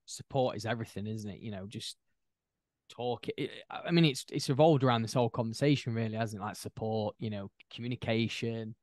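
A man's voice: medium pitch, no room sound. Chatty man, dry close sound. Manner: animated storyteller, rambling with restarts. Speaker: podcast guest, new dad. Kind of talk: casual chat.

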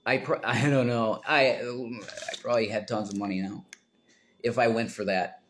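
A middle-aged man holds forth in a loose, casual monologue at an ordinary mid pitch. He stops and restarts his sentences, drops into low mumbles, then climbs into loud, exasperated outbursts. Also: fairly even intonation, moderate pace, slight background noise. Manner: rambling, self-interrupting, swings from mumbling to loud exasperation. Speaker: political commentator.

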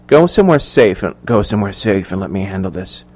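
Man reading a villain boss, scheming, hushed, menacing, audiobook. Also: sits low, big pitch swings, fairly quick, voice pushed down. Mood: cold, hushed. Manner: quiet, controlled, menacing. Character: cold scheming male executive villain.

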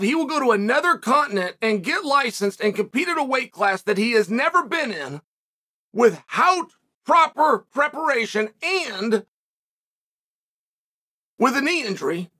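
Bright-voiced man giving emphatic commentary. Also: extremely high pitch. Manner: emphatic, argumentative, sarcastic asides. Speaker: host. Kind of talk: opinionated commentary monologue.

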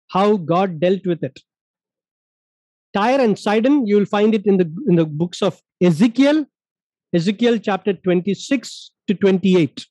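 A man's voice: high voice, mellow, no room sound, low-quality recording. A man from India leading a Bible study, reading verses aloud and repeating his key points with emphasis.

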